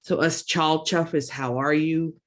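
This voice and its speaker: A woman teaching a language lesson online through a computer mic, slowly repeating words for learners and adding chatty asides in between. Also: sits low, fairly even intonation, a little hiss or hum. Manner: slow drawn-out word repetitions for learners; chatty asides with self-teasing.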